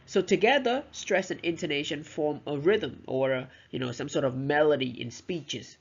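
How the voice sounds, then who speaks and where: A woman with a deep, breathy-edged voice speaks at a moderate pace in a dull lo-fi recording. As a teacher trainer, she lectures step by step on teaching pronunciation, often checking in with "right?" and "you know."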